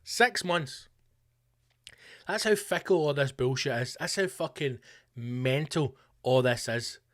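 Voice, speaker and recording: A Scottish man hosting his podcast, delivering a sweary, animated comedic rant in a conspiratorial tone. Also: mid-range voice, slow. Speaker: podcast host.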